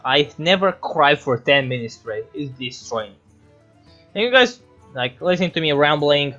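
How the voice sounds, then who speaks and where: A man's voice: medium pitch, pushed and bright, dull audio. A man talking casually through a spoiler movie review, rambling and emotional, with some swearing.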